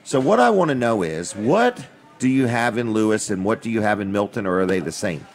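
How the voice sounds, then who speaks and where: A man's voice: lowish voice, big pitch swings, a little fast, soft background music. A man with a Delaware accent hosting a casual radio talk show from a restaurant, chatty and folksy. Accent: Delmarva (Delaware). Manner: folksy, chatty, easily moved.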